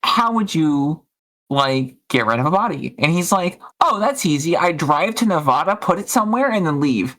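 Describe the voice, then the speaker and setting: A woman's voice: low voice, animated, normal speed, a bit bright. A woman streamer chatting casually, rambling and giggling as she retells stories and acts out quotes. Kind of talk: casual chat.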